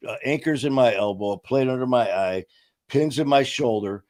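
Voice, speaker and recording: Middle-aged man, podcast host, casual storytelling, animated, swears freely, laughs often. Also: mid-range voice, moderate pace. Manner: animated, profane, laughs through his stories.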